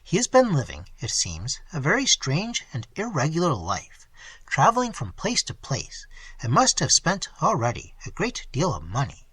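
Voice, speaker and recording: A man's voice: a little high, huge pitch swings, normal speed, pushed and bright, husky, no echo, full character voice. A man reading the part of a staid, comfortable middle-aged husband who talks earnestly and a little peevishly.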